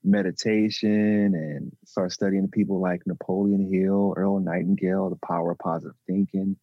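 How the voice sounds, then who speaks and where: A man, a relationship coach talking haltingly in a podcast interview. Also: sits low, fairly even intonation, dry recording, phone-quality sound. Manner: halting, with many restarts and fillers.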